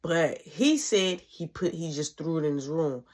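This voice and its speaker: A woman vlogger narrating a personal story in an animated way, swinging between loud and hushed. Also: deep voice, measured pace.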